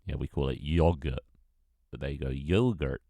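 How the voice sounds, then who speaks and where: Speaking very fast in a completely flat, very deep voice with a dark tone and breathy edge, this young British man with a British accent chats casually on a stream. He reads chat aloud, jokes, swears and laughs often. There's no room sound.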